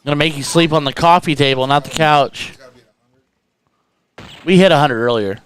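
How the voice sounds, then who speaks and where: A man's voice: on the high side, moderate pace, a little hiss or hum. A man doing casual, joking commentary on a darts livestream. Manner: joking, teasing, animated. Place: indoor event stream room.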